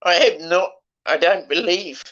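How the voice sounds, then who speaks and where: A man's voice: sits high, a bit bright. Older man in his sixties, emotional, swears a lot, stumbles over words, dull lo-fi recording. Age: 60s. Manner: emotional, swears often, halting repeats. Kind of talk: emotional casual conversation.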